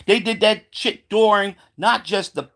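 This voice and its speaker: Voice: medium pitch, measured pace, vocal fry, fairly bright tone. A vlogger in a heated, profane rant, sarcastic and mocking, often stumbling over repeated words. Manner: heated, sarcastic, swears constantly; mocking voices of believers. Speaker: solo vlogger.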